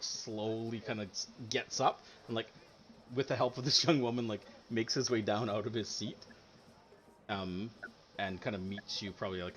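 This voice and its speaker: A man's voice: on the low side, muffled recording, a little hiss or hum. A man narrating a tabletop game as game master, rambling with lots of ums and likes.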